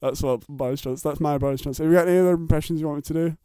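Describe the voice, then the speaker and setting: A man's voice: on the high side, steady tone, rapid-fire, warm tone, clear, resonant tone, dry recording, clean studio sound. A man hosting a podcast from his bedroom, chatting in a rambling, jokey and crude way and laughing often. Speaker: podcast host. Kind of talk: casual chat. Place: bedroom at home.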